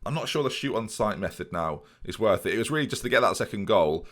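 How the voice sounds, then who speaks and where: Lively game commentator, man. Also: fairly low pitch, fast talker. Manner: animated play-by-play, addresses viewers, jokey asides. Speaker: Football Manager let's play host.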